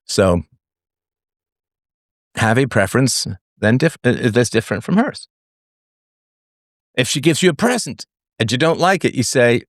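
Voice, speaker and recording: Middle-aged male host, very lively pitch, dry close mic, plays the quoted voices himself. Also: a little slow, long pauses, dry recording. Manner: animated, acts out quoted voices, sings snatches. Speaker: podcast host. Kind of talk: live call-in show monologue. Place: online audio space.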